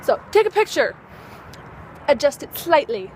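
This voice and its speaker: A woman's voice: sits high, sing-song, a little slow, darkish tone, a little hiss or hum. A teenage girl vlogging outdoors at dusk, chatting in a bubbly, rambling way and acting out little dialogues. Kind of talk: casual chat to camera.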